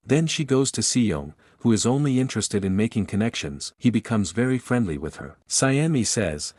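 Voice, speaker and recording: A man narrating a comic recap in a flat, steady reading voice. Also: mid-range voice, a little slow, few pauses, no room sound, studio quality.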